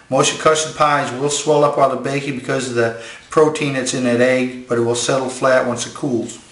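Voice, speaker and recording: Male chef host, folksy down-home delivery, mid-pitched voice, roomy kitchen echo. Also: fairly bright tone. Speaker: chef, cooking show host. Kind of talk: home cooking demonstration.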